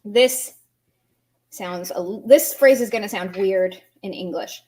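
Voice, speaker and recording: A woman's voice: medium pitch, a little mellow. A woman teaching an online language lesson, explaining grammar patiently and quizzing her students. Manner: patient, explains slowly, asks students questions.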